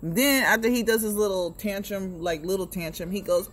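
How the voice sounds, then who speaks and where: A woman's voice: medium pitch, brisk, hardly any pauses. A woman co-hosting a podcast in casual chat, telling stories with lots of swearing and acting out the people in them. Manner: profane, animated storytelling with mimicked voices. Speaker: podcast co-host.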